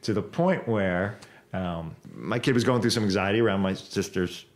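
A man guest on a podcast, telling a personal story in a casual, animated way, cursing freely and repeating words as he goes. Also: fairly low pitch, moderate pace.

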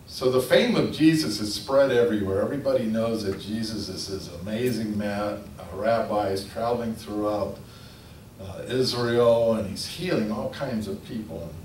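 A man preaching a sermon, telling the story in a lively storytelling manner. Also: fairly low pitch, normal speed. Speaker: pastor. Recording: echoey room from a distance, faint noise.

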